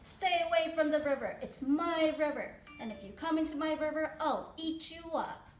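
A woman voicing a big, selfish male crocodile for a children's storybook, talking loudly and bossily. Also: high voice, animated, normal speed, soft background music. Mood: threatening. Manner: loud bossy shouting. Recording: echoey room.

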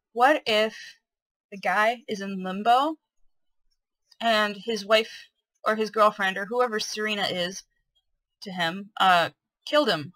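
A woman's voice: medium pitch, a bit bright, no room sound, rough recording. A woman giving gameplay commentary, curious and speculating aloud as she plays. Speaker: let's play host.

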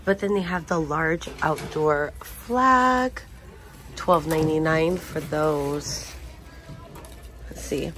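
A woman's voice: sits low, slow, a bit bright, a little hiss or hum. A woman narrating a casual shopping walkthrough, chatting as she reads out prices and product labels. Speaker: shopping vlogger. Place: inside a large retail store.

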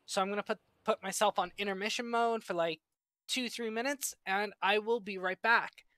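A man's voice: sits high, normal speed, bright, forceful tone, no room sound. A man streaming a strategy game, chatting casually and thinking aloud as he plays, into a desk microphone. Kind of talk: casual live-stream commentary.

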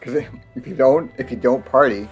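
A man's voice: mid-range voice, fairly quick, soft background music. A man co-hosting a game play-through, chatting casually in a hesitant, filler-heavy manner. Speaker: co-host of a let's play. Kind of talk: casual chat.

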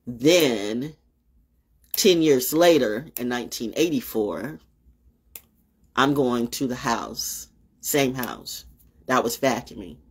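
A woman's voice: extremely low pitch, expressive, slow pace, pauses often, slightly rough. An older woman hosting her own show, delivering a fiery, profane, confrontational monologue. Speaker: show host. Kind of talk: ranting monologue.

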